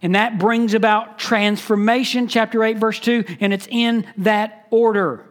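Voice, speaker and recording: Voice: mid-range voice, little pitch movement, measured pace. A pastor preaching an expository sermon, emphatic and teaching, repeating key phrases and asking the listeners questions.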